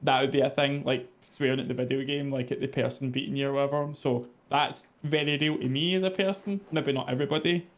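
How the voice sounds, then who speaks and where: A man with a Scottish accent talks in a loose, easygoing way, sentences trailing off as he laughs. His voice sits at an ordinary middle pitch, nothing strained about it. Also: steady tone, quick pace, hardly any pauses. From Scotland. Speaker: podcast co-host. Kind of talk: casual chat.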